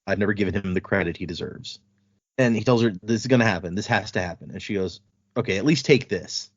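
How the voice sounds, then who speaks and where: A man's voice: fairly low pitch, fast talker, no echo. Man casually retelling a story, lo-fi audio. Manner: retells the plot in loose paraphrase, swears, laughs often. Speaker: podcast co-host recapping book chapters. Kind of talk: casual chat. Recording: dull, slightly lo-fi podcast audio.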